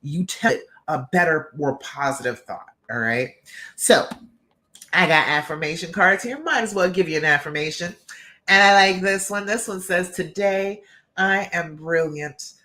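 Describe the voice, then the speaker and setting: A woman's voice: on the low side, moderate pace, bright, forceful tone. A woman hosting a live stream as a love coach, talking encouragingly and often checking in with her listeners. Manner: encouraging, keeps checking in with "okay?".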